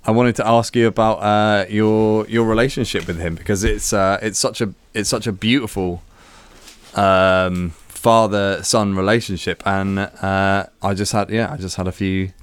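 A man's voice: on the low side, steady tone, moderate pace, clean tone. A man on a podcast asking questions in a casual, hesitant way, full of ums and restarts. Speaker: podcast co-host.

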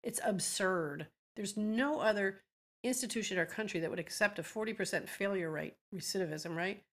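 This middle-aged woman from Georgia founded an advocacy group and appears as a guest in an emotional interview. Her medium-pitched voice is a bit bright and moves at normal speed as she tells stories earnestly and with passion.

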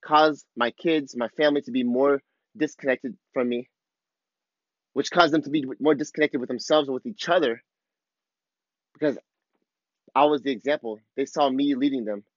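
Thirties dad vlogger, candid and raw, mid-range voice, muffled close dry sound. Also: male voice, medium pitch, normal speed, pauses often, dry recording. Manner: raw, confessional, swears casually. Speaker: father vlogger. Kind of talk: candid personal reflection.

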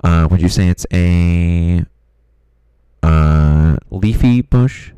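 A man's voice: deep voice, drawn-out words, dark tone, clear, resonant tone, no room sound. A man playing a prim, officious emergency dispatcher with a blocked nose in an improvised comedy skit, formal and forever repeating "sir".

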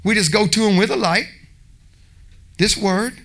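A man's voice: high-pitched, measured pace, vocal fry, fairly bright tone. A man preaching a passionate sermon, acting out little voices as he goes.

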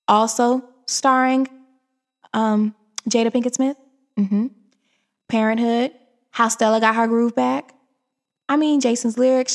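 Gravelly, sassy woman in her forties. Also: fairly high pitch. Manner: animated, sassy, opinionated storytelling. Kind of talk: casual chat.

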